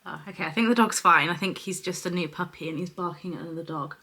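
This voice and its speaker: A young woman chatting effusively through a product unboxing, sometimes dropping to a hushed voice. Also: on the low side, fast. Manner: chatty and effusive, often dropping to a soft hush over products. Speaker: beauty vlogger. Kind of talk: casual unboxing chat.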